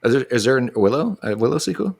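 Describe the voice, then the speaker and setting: A man's voice: medium pitch, big pitch swings, fast talker, gravelly, no echo. A man co-hosting a casual podcast, mostly listening and answering with short agreeing replies. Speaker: podcast co-host. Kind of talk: casual chat.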